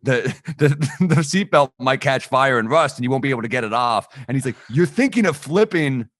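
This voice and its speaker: A man co-hosting a podcast, telling a lively anecdote in casual chat and swearing freely. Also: mid-range voice, a little fast, no echo, studio quality. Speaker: podcast co-host.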